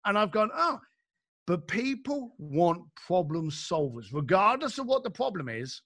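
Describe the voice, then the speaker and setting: Man, middle-aged, podcast guest, blunt and emphatic, very lively pitch. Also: normal speed, no echo, studio quality. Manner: blunt, emphatic, acts out quoted exchanges. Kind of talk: animated conversational storytelling.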